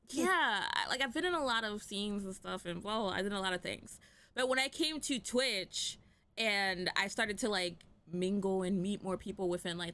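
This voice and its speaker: Bright chatty woman hosting a panel. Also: medium pitch, clean tone. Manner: chatty, laughs often, many "like" fillers. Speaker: panel host. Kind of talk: casual panel chat.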